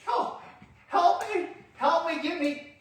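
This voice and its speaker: A man voicing a panicked man dangling from a cliff, yelling high and frantic for help, in an echoey church hall. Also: slow, far from the mic.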